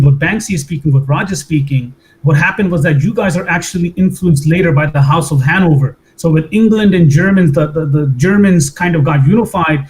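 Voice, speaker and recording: Insistent rambling American man, higher voice. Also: a little mellow, rough recording. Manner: rambling, insistent, repeats himself. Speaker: guest on a live stream. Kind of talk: casual history discussion.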